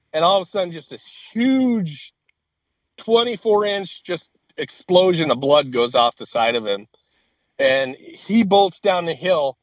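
A man telling a lively story in casual chat, with a fairly high voice that climbs when he laughs. He swears freely. The sound is dry and a little muffled, with no room echo.

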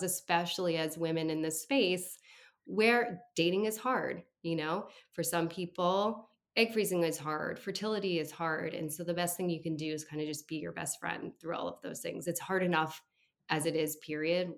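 A woman's voice: sits low, vocal fry. A woman in her thirties, a therapist, talking in a casual, reflective interview with lots of fillers. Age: 30s. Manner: warm, reflective, chatty with fillers. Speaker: therapist and podcast guest.

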